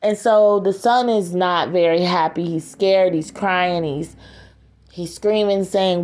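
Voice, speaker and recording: A woman casually retelling a story in a halting way, with frequent fillers and repeated words. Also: lowish voice, darkish tone.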